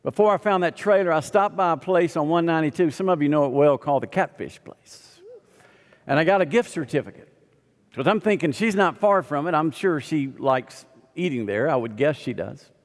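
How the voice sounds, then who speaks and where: Pastor preaching in a reverberant hall. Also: male voice, fairly high pitch, lively intonation, brisk. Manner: storytelling, acting out both sides of a conversation. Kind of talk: sermon.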